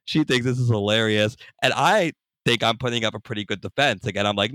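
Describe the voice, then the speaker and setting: A young man, a podcast guest, telling a personal story in a casual, animated way, acting out the people in it. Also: medium pitch, quick pace, no room sound, clean studio sound. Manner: animated, acts out voices in anecdotes.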